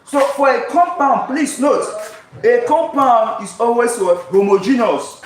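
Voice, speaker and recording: A high-voiced man teaching chemistry, throwing out "what?" after half a sentence and then filling in the answer himself. He stretches out key terms to drive them home. The voice comes from across an echoey classroom, with noise in the background. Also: expressive, recorded from a distance. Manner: call-and-response teaching, constantly asks "what?" and answers himself; repeats key terms slowly for emphasis. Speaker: chemistry tutor. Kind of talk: live-streamed exam lesson. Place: classroom with whiteboard.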